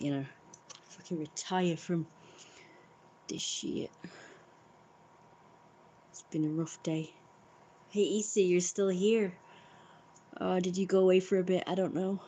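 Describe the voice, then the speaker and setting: A woman's voice: on the low side, dark tone, low-quality recording. A British woman, exhausted and burnt out, chatting wearily at home during a live stream and swearing casually. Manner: weary, subdued, swears casually.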